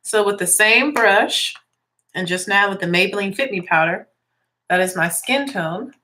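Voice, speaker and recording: A woman's voice: mid-range voice, moderate pace, bright, forceful tone. A young woman with a slightly congested voice, chatting casually through a makeup tutorial and explaining each step as she works. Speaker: music teacher and beauty vlogger.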